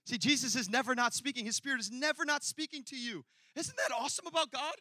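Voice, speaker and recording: A male pastor preaching a sermon, telling a personal story and building from quiet asides to loud, emphatic peaks. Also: very high voice, quick pace, no echo.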